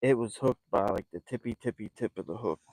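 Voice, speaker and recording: A man live-streaming a night fishing trip from a small boat, talking in an excited, rambling way and breathing heavily. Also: fairly low pitch, a little fast, dry recording, rough recording. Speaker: fishing vlogger. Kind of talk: live outdoor fishing vlog.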